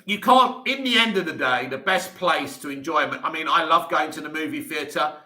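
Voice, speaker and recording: A man's voice: fairly high pitch, moderate pace, bright, forceful tone. A man hosting a casual live chat, reading out viewer comments and answering them with enthusiasm and frequent restarts. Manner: enthusiastic, talks in restarts and asides. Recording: echoey room.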